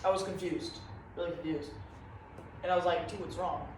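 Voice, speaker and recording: Guy rambling thru a goofy story, kinda high voice, super echoey room, mic far off. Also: fairly even intonation, normal speed, background noise. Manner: meandering, confused storytelling.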